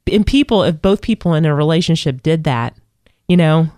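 A woman's voice: low-pitched, expressive, brisk, dark tone, no room sound, clean studio sound. A woman co-hosting a casual radio chat, rambling with many restarts and laughs. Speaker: co-host.

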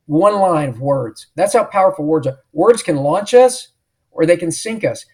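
A man's voice: on the high side, expressive, normal speed, darkish tone, husky. A middle-aged man, an author and podcast guest, telling a story emphatically and acting out the dialogue he remembers. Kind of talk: storytelling in an interview.

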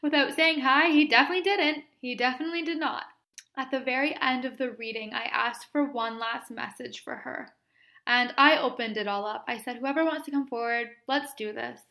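A woman hosting a podcast, tearful and sniffling as she earnestly tells a story, laughing softly between phrases. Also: high-pitched, steady tone, fairly quick. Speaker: podcast host and Reiki practitioner. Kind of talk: casual solo podcast storytelling.

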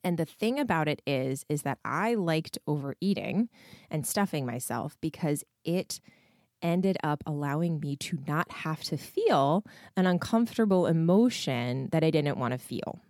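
Hoarse low-voiced woman podcast host. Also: animated, a little slow, a little mellow, no echo, studio quality. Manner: candid, swears freely, frequent likes and ums. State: hoarse, froggy. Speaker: podcast host and weight loss coach. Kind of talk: casual answers to listener questions.

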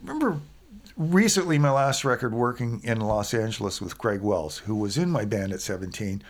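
A man, a musician guest, chatting on a podcast and telling animated stories about recording. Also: on the low side, moderate pace. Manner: animated storyteller, acts out quoted voices. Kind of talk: casual podcast conversation.

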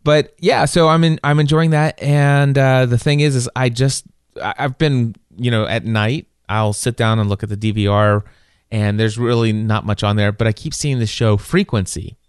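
A man's voice: mid-range voice, fairly even intonation, normal speed, clear, resonant tone, no room sound, studio quality. A man co-hosting a casual chat, rambling with frequent restarts and repeated words.

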